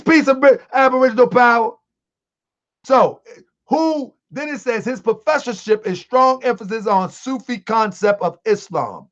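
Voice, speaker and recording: A man hosting an online livestream, commenting to his viewers in a preachy, animated way. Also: sits high. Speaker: host of an online show. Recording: dull lo-fi sound.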